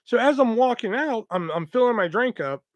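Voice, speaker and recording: A man hosting a podcast, telling a story in a casual, profane and animated rambling way. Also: very high-pitched, moderate pace, no room sound, lo-fi sound. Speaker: podcast host.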